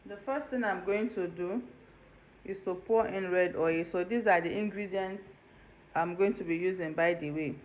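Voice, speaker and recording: Hosting a cooking channel from her home kitchen, a woman talks chattily through each step and checks in with the viewer. Her voice is lowish at normal speed, recorded on dull lo-fi home video with faint room noise.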